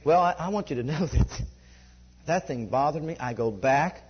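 Man preacher, higher husky voice, animated testimony, dull lo-fi tape. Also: moderate pace. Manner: animated, conversational, laughs often. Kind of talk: sermon storytelling. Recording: dull lo-fi recording.

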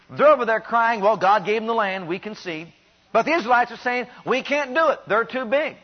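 High-voiced animated male preacher. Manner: animated preaching, rising to emphatic peaks and dropping low. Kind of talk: sermon. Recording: dull lo-fi recording.

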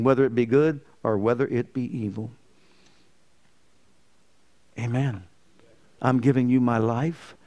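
A man's voice: fairly high pitch, a little mellow. Man preaching a rousing sermon. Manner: preaching with rising emphasis, rhetorical questions to the congregation. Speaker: pastor.

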